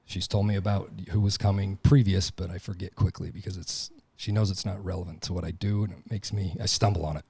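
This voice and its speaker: A man with a low, mellow voice gives a blunt, profane, confessional monologue as a podcast host. His voice sounds dry and close, with no room echo behind it. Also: steady tone, fairly quick, gravelly, husky. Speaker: podcast host and tattoo shop owner. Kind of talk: candid monologue.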